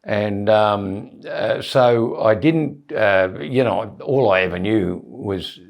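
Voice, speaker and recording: A man's voice: fairly low pitch, slow pace, gravelly. An Australian man in his seventies, a comedian guest in a casual interview, telling rambling anecdotes with frequent chuckles. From born in England, raised in Australia.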